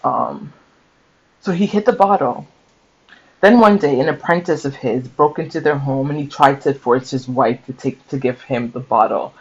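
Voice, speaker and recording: A man reading a story from a book aloud and stopping often to explain and think out loud, checking in with listeners. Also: mid-range voice, normal speed, slightly rough, muffled recording. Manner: conversational, checks in with "okay?" and "right?", thinks aloud. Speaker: book-sharing host. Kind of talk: reading aloud with casual commentary.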